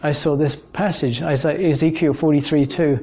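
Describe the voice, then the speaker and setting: A man's voice: fairly high pitch, fairly even intonation, moderate pace, dark tone. A man from England giving an informal talk, telling personal stories in a thoughtful conversational way with frequent fillers. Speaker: speaker giving a talk on evidence for God.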